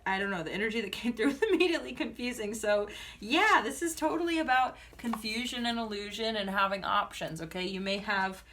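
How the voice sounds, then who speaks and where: A woman's voice: medium pitch, a little fast, few pauses, fairly bright tone. A woman doing a casual tarot reading, chatty and full of fillers, often breaking into giggles. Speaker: tarot reader. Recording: voice a bit far from mic, faint noise.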